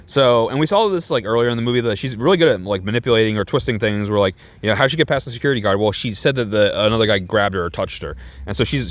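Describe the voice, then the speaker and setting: A man rambles through a movie recap in loose, casual chat, sarcastic and quick to swear. His voice sits at an ordinary middle pitch, and he keeps stumbling over restarts and fillers. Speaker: movie reviewer.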